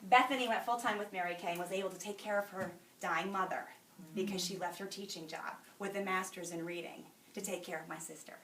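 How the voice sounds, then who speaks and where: A woman's voice: mid-range voice, fairly even intonation, brisk, a bit bright, slight background noise. A middle-aged woman giving an emphatic, chatty motivational testimony to a group, preachy in tone and laughing now and then between lines. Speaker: sales director speaking to a group. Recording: echoey hall, speaker far from mic.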